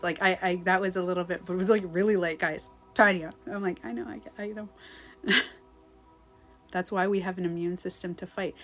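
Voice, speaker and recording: With a mid-range voice, a woman runs a live-stream coaching session, answering comments in casual, rambling chat. She's candid, quick to laugh and to swear, and at times quiets down to a hushed tone.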